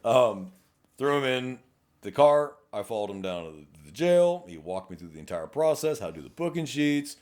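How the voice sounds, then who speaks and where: A man's voice: medium pitch, sing-song, normal speed, darkish tone. A man, co-hosting a podcast and telling cop stories in a profane, laughing manner. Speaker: podcast co-host, law enforcement officer. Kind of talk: casual storytelling chat.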